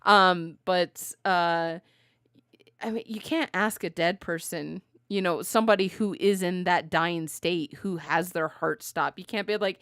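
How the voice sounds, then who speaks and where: A woman co-hosting a podcast in casual chat, telling animated stories, acting out quotes and laughing often. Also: lowish voice, measured pace, no room sound, studio quality. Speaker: podcast co-host.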